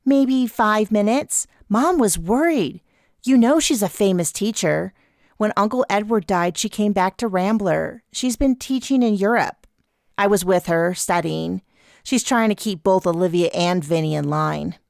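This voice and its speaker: A woman's voice: medium pitch, unhurried, vocal fry, a little mellow, dry recording, studio quality, pitched above the performer's own voice. A woman voicing a chatty, teasing young woman with a breezy, playful manner.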